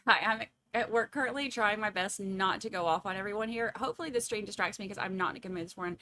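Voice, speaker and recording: A woman's voice: medium pitch, quick pace, sharp tone, slight background noise. A woman, chatting casually and laughing as she reads viewer comments at home. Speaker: livestream host.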